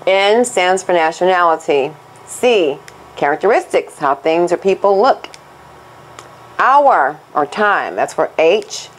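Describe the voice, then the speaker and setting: A woman gives a scripted Spanish lesson in a lowish voice. She speaks slowly and deliberately, like a patient one-on-one teacher, going back and forth between English and Spanish. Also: a little hiss or hum, poor audio.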